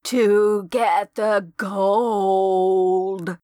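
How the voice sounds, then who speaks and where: A woman voicing the ghost of a murdered mother, in a husky, gravelly, drawn-out wail in an audiobook. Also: mid-range voice, fairly even intonation, warm tone, no echo, clean studio sound.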